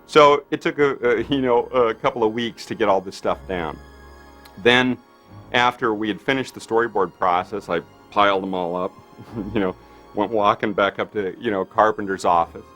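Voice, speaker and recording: A man recounts an old story in an interview, stumbling through fillers and acting out the lines of others. His voice sits fairly low. Faint music plays beneath him. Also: a bit bright. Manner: rambling, acts out quotes, many fillers. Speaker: special effects artist. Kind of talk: interview anecdote.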